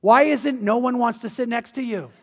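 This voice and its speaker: A middle-aged man preaching with a notably high voice. He tells stories animatedly, playing out each voice, then grows hushed and earnest. The sound carries a long reverb from a large church hall. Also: vocal fry. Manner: animated storytelling, acting out quoted voices; drops to soft, slow, intimate appeal at the close. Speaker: pastor. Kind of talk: sermon.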